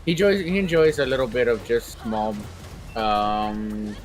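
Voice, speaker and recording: A man's voice: mid-range voice, animated, unhurried. Teasing, blunt guy cursing among friends. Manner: teasing, blunt, swears a lot. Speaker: friend on the stream. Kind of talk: casual profane chat.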